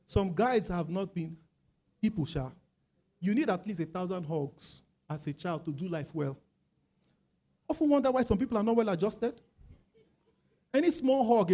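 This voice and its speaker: A Nigerian man preaching a sermon in a lively way, acting out quoted voices and rising to loud, emphatic stretches. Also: sits high.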